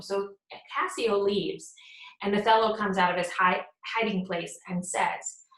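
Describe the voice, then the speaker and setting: A woman teacher talks through a play in a relaxed, conversational lecture, stopping to read quoted lines in a plain voice. Her pitch sits in the middle range for a woman. The room around her rings with echo. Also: measured pace. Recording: echoey room.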